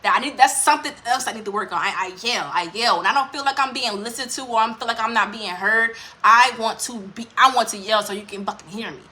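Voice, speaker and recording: A woman's voice: fairly high pitch, fast talker, hardly any pauses, sharp tone. A woman vlogger telling a personal story in a candid, rambling way, with lots of swearing and fillers. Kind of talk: casual storytime monologue.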